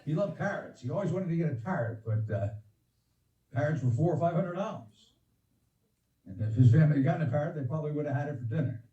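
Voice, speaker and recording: A man's voice: fairly high pitch, animated, fast talker, dark tone, far from the mic, lo-fi sound. Older man telling jokes over a roomy call. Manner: rambling, laughs at his own jokes, acts out voices in a joke. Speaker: stand-up comedian performing by video call. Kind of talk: stand-up joke telling. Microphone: video call.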